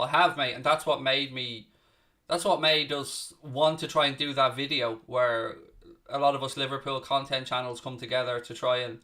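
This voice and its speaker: Earnest bright-voiced man on a football stream. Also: medium pitch, recorded from a distance. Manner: conversational, earnest, with frequent restarts while reading questions and calling play. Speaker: watchalong host and Liverpool fan. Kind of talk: live football watchalong chat answering viewer questions.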